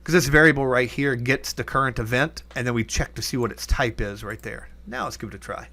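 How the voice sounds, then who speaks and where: A man's voice: mid-range voice, steady tone, fairly quick, pushed and bright. Man talking through code as he types. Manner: thinking aloud while typing, many fillers and self-corrections. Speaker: programming instructor. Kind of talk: casual coding tutorial.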